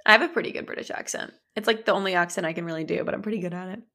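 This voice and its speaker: A woman co-hosting a podcast, chatting casually with halting restarts and frequent laughter. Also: fairly low pitch, bright, forceful tone. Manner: laughing, halting, quick to react. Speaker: podcast co-host. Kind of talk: casual chat reading stories aloud.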